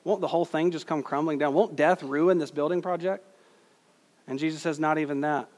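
A male pastor delivers an earnest sermon, leaning hard on key phrases and slowing for quotes. His voice sits a little high for a man. A long hall reverb trails each line. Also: darkish tone. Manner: earnest, emphatic preaching with slow stressed quotes.

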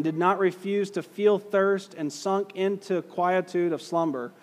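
A man's voice: high voice, fairly even intonation, a little slow, hardly any pauses, in a large hall. A man teaching a class in a conversational way, reading old quotes aloud, stressing key words and putting questions to his students.

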